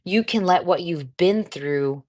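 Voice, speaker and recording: Low-voiced American woman chatting on a livestream. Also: measured pace. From United States. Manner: chatty, warm and encouraging, with frequent fillers. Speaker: cancer coach hosting a livestream. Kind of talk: casual livestream chat reading comments.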